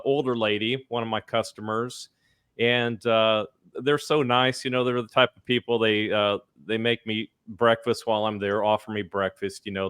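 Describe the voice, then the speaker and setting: A man's voice: mid-range voice, a bit bright, clean tone, no room sound, clean studio sound. A man hosting a podcast, telling a story in a rambling, chatty way. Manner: rambling, chatty, many fillers and restarts. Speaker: podcast host. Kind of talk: casual storytelling.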